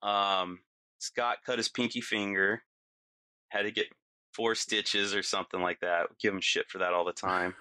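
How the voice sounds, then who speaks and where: Bright-voiced man telling a story. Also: on the low side, level tone, moderate pace, clear, resonant tone, no echo. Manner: vivid, lots of fillers, acts out his own yelling. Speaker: podcast guest. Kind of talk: casual storytelling.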